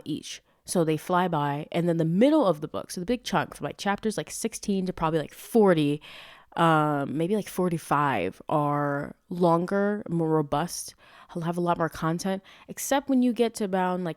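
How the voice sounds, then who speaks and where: In a smooth, low, darkish voice, a young woman hosts a podcast and reviews a novel in a casual monologue. She rambles, interrupts herself and swears often. The studio-quality recording has no echo.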